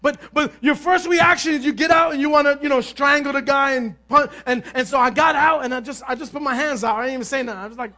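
A male pastor preaching a sermon, telling stories with lively energy, calling out to the congregation and sometimes shouting. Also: very high-pitched, quick pace, hardly any pauses. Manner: animated storytelling, asks the crowd "amen?", bursts of shouting.

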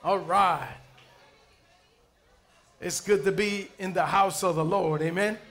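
A slow, high-pitched male pastor preaches a sermon, telling stories in a lively, playful way. He asks for amens and raises his voice at key points.

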